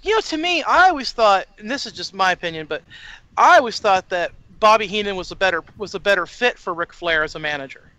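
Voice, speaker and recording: High bright-voiced excitable man. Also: fast, no room sound. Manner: excitable, swears, repeats words. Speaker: podcast co-host. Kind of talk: casual wrestling chat.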